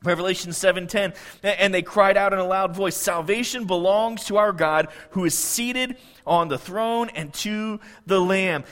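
High-voiced man preaching in a reverberant hall. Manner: animated preaching, swinging from soft to loud. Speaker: pastor. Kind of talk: sermon. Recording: long church-hall reverb.

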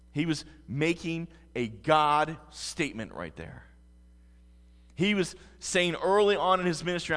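A man's voice: fairly high pitch, big pitch swings, moderate pace, a bit bright, in a large hall. A man preaching a sermon as pastor, earnest and emphatic.

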